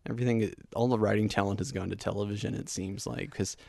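A man with a low, gravelly voice talks in an easygoing, laid-back way, often breaking into a laugh. The sound is close and dry, with no room echo. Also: fairly even intonation, fast talker, dark tone. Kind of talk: casual chat.

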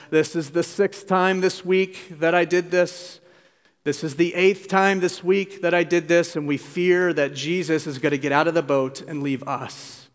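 A man preaching a sermon as pastor, earnest and pleading, with emphatic urgency. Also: on the high side. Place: church sanctuary. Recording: long reverb of a church hall.

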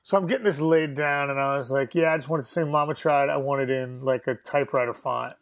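A man's voice: medium pitch, fairly even intonation, brisk. A young man telling a story in a casual chat, laughing often and swearing as he acts out what others said. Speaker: guest musician.

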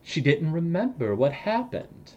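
A man's voice: fairly high pitch, very animated, a little slow, mellow, muffled recording. A man narrating as game master of a tabletop game, hesitant with many fillers and jokes.

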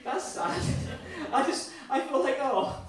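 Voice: high-pitched, slow. Giggly, chatty host in an echoey venue. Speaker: host of a storytelling night. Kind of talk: live hosting banter. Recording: echoey room, distant mic, audience noise. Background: audience applause and laughter.

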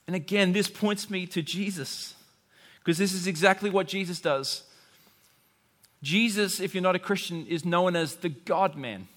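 A man preaching a sermon, animated and conversational, acting out the voices he quotes. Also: high-pitched. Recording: long hall reverb.

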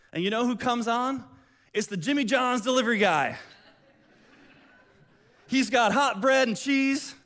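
A middle-aged man preaching a lively storytelling sermon with a high voice. He keeps restarting phrases and acts out the characters as he goes. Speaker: pastor.

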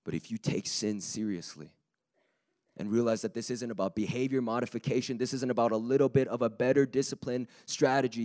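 A man preaching a sermon with a slightly raspy voice, talking in a lively, conversational way that builds to emphatic peaks. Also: mid-range voice, a little fast.

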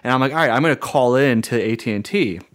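A man's voice: mid-range voice, fast. A man telling a story in casual chat, acting out the people he quotes and filling his talk with "like". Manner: animated, acts out quoted dialogue, lots of "like" fillers, laughs between lines. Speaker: podcast co-host and streamer.

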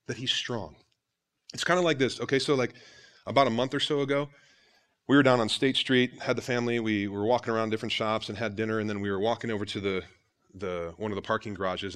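A man's voice: medium pitch, fairly bright tone. A man in his thirties preaching a sermon in a conversational way, often turning to his listeners with questions. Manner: conversational preaching, addresses congregation as guys. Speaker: pastor.

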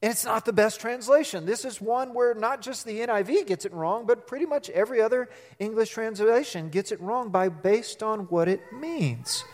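A middle-aged man, a pastor, preaching a sermon in an animated way, acting out quotes and asking the congregation questions. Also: high-pitched, normal speed, hardly any pauses, long reverb tail.

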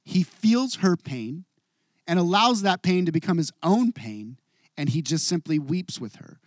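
Male pastor, middle-aged, fairly high voice, dry close recording; expressive sermon delivery that swings from hushed to emphatic. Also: no room sound.

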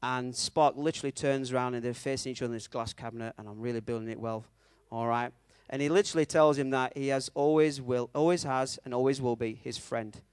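Chatty preacher, dry sound. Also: male voice, medium pitch, steady tone, brisk, few pauses, darkish tone, clean tone, no room sound. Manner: chatty, checks in often with the audience, self-mocking. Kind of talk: conversational sermon with storytelling.

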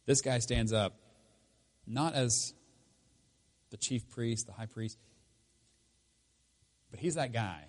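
Guy giving a sermon, chatty but emphatic, gets loud then drops way down, mid-pitched voice. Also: slow pace, long pauses. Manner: conversational, emphatic preaching with swings in loudness. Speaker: pastor.

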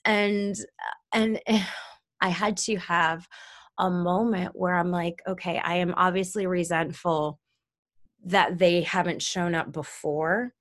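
Animated woman chatting, lowish voice. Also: takes it slowly. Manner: animated, jumps into high excited squeals. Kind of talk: casual chat.

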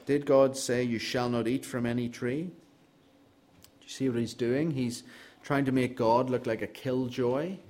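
Man, preacher, sermon, earnest, emphatic, dry humor, mid-pitched voice. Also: fairly even intonation, unhurried, a little mellow. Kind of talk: expository sermon.

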